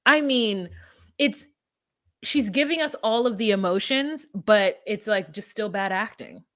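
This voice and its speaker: A woman's voice: mid-range voice, expressive, measured pace, a bit bright, no room sound, studio quality. A woman co-hosting a podcast, recapping a reality show in casual chat with blunt, sarcastic, freely swearing remarks. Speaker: podcast co-host.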